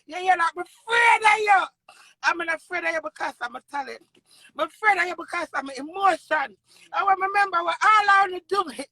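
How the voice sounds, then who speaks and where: High, bright Jamaican woman ranting. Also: brisk, no echo, poor audio. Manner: loud, swearing, emotional, switches between shouting and low muttering. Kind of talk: heated rant to camera.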